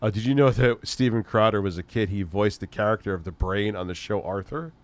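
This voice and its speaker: A man's voice: lowish voice, steady tone, brisk. Sarcastic, profane male streamer. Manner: profane, sarcastic ranting with frequent laughs. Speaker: streamer host. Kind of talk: casual livestream commentary.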